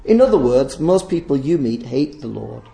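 A man's voice: mid-range voice, big pitch swings, moderate pace, creaky, mellow, echoey room. A man preaching a sermon in a church, speaking emphatically and repeating phrases for stress.

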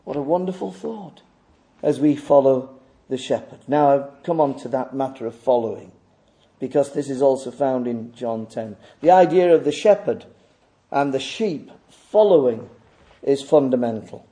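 A man's voice: mid-range voice, moderate pace, mellow. A male preacher delivering a sermon, pressing his listeners with rhetorical questions and emphatic repetition.

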